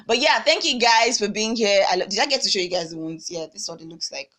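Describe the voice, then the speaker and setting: A woman's voice: mid-range voice, fast. A young Nigerian woman with a Nigerian accent, telling a story to camera in a casual vlog, acting out the dialogue with local slang. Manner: animated, acts out dialogue with pidgin slang. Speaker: vlogger.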